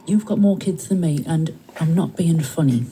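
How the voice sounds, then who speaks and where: Low-voiced woman hitting back defensively. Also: normal speed, mellow, a little hiss or hum. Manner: defensive, pointed. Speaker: subject of the clips, answering criticism. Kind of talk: filmed personal rebuttal.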